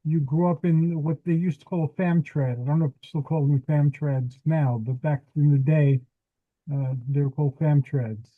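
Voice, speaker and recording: A man hosting an interview, telling stories slowly with frequent pauses, heard over a tinny phone line. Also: fairly high pitch, fairly even intonation, no room sound. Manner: unhurried storyteller with frequent "uh" pauses. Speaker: host. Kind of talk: interview conversation.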